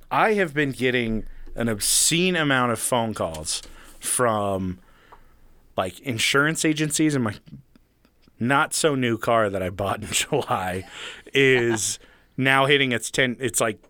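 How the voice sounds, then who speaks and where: A man's voice: medium pitch, takes it slowly, no room sound. A young man hosting a podcast, telling stories casually with sarcasm and swearing. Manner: sarcastic, swearing, animated storyteller. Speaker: podcast host. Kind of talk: casual chat, storytelling.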